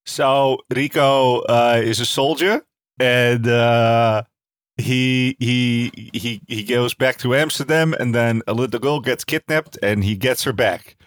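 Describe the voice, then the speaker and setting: A man's voice: medium pitch, fairly even intonation, slow pace, no echo. A man, a guest chatting casually and drily about a film. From Netherlands. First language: Dutch. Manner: laid-back, dry, with a gravelly edge. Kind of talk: casual film review chat.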